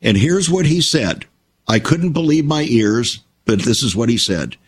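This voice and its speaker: Older man, husky voice, lively intonation, emphatic radio-talk storyteller. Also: mid-range voice, a little slow. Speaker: Christian broadcaster. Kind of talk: conversational talk show.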